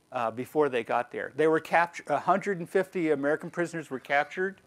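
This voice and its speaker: A man giving a conversational history lecture with slides as a guest speaker, wry and digressive. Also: a little high. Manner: wry, digressive, lively storyteller.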